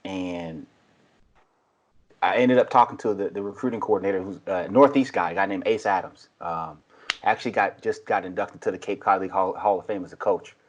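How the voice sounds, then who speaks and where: A man in his forties with a low, husky voice, telling long stories on a podcast. He acts out the people he quotes with animated shifts. The tone is casual and conversational. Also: brisk, muffled recording. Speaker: podcast guest, baseball coach. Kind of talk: casual storytelling.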